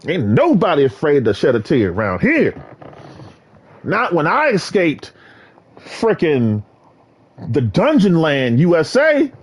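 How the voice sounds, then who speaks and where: A man talks on his own for the camera, wandering from one thought to the next. His voice is husky and a little high for a man. His pitch leaps all over the place, from low muttering asides to sudden high, excited cries. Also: slow, pauses often. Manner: animated, jumps between topics, bursts into high exclaims. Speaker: vlogger. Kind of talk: rambling solo monologue.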